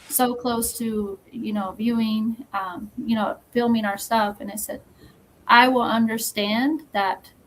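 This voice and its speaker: A woman talking as a podcast guest, telling a story in a measured, firm way with pauses. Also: a little high, slight background noise, rough recording. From Texas. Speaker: podcast guest, magazine founder. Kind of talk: casual interview chat.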